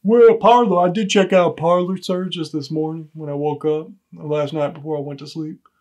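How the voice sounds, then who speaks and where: A man's voice: fairly high pitch, fairly even intonation, moderate pace, darkish tone, natural voice. A man playing an eager, clueless border officer. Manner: eager, deferential, rambling excuses. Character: dim, eager male border patrol officer. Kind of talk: comedy sketch acting.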